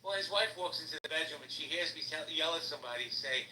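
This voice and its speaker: A man's voice: a little high, quick pace, bright, forceful tone, roomy sound, recorded from a distance, slight background noise, rough recording. A man hosting a casual chat room, brash and joking. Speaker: room host.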